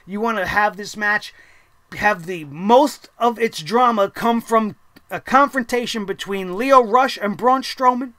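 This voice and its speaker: A fed-up wrestling show host tears into the latest episode, swearing freely and piling up sarcastic rhetorical questions. The voice sits at a middling pitch and is recorded close and dry, with no room sound around it. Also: unhurried, fairly bright tone, no room sound. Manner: blunt, profane, exasperated. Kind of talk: opinionated wrestling review rant.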